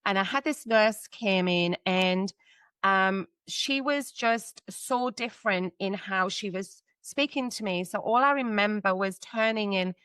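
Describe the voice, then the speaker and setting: A woman in her thirties with a smooth, resonant voice tells a personal story as a podcast guest. She talks candidly and chattily, full of fillers. The sound is close and dry. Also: medium pitch, unhurried, fairly bright tone, no room sound. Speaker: guest, psychic medium and mentor.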